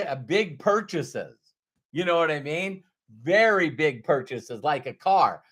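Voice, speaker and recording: Middle-aged man, sales trainer type; high voice, unhurried, earnest, hammers his points by repeating them. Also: fairly bright tone. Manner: earnest, emphatic, repeats key phrases. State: choked up with emotion. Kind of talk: motivational talk to camera.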